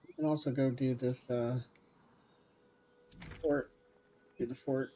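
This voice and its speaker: A man giving casual commentary while playing a video game, thinking aloud in a relaxed, rambling way. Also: mid-range voice, takes it slowly, a little hiss or hum. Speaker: gamer streamer.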